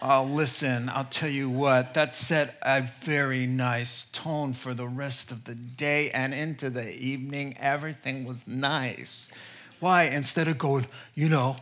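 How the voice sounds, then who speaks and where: Bright-voiced joking preacher man. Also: mid-range voice, steady tone, unhurried. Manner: joking, storytelling, addresses the audience directly. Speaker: pastor. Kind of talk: humorous sermon.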